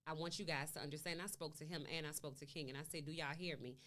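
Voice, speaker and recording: A woman with a somewhat low voice sits for an interview as a guest. She is a mother recounting events in a long conversational story. She acts out each quoted line of dialogue as she goes. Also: fairly even intonation, quick pace, a bit bright.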